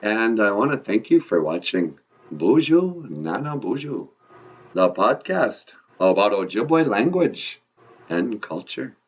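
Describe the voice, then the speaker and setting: Slow, husky podcast host. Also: male voice, fairly low pitch, big pitch swings. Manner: easygoing, teasing, wide-ranging intonation. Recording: distant, dull lo-fi mic.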